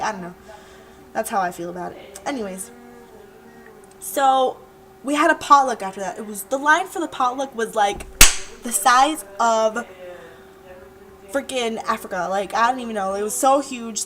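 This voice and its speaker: Rough audio captures a young woman with a slightly high voice talking casually into her webcam for a diary-style vlog. She's chatty and rambling, with words that keep repeating.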